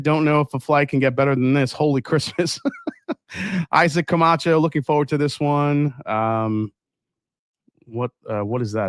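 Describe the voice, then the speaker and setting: A livestream host with a mid-range voice runs a casual tasting, upbeat as he greets viewers by name and reads their comments aloud. The audio is studio quality with no echo.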